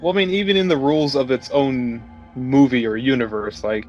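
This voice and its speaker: Male podcast co-host, casual, profane, animated when retelling scenes. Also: medium pitch, brisk, highs cut off, soft background music. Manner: laughing, swearing, animated retellings. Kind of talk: casual chat.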